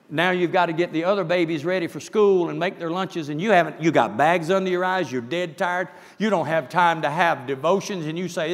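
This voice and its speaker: A man preaching a sermon, emphatic, dropping to hushed asides and rising to shouts. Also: a little high, in a large hall.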